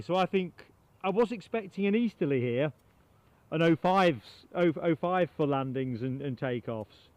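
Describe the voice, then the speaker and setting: Chatty male livestream host, slightly high voice, giving relaxed outdoor plane spotting commentary and reading out viewers' comments. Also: no echo. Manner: chatty, reads out viewer comments and thanks them by name. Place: outdoors on a grassy mound beside an airport runway.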